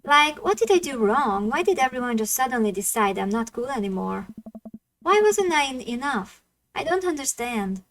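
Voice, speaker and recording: A wounded teenage girl, stung that her friends turned on her, as a woman reads her lines aloud. The voice sits a little high and is barely acted, close to the reader's own everyday voice. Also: very animated, moderate pace, fairly bright tone, a little hiss or hum, exaggerated voice. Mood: hurt. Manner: plain read-aloud game dialogue. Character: hurt, upset teenage girl betrayed by friends.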